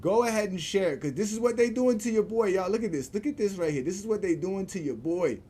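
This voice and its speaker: Animated, profane man ranting casually. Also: high voice, fast, breathy edge. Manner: animated, profane, laughs often, repeats himself. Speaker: show host.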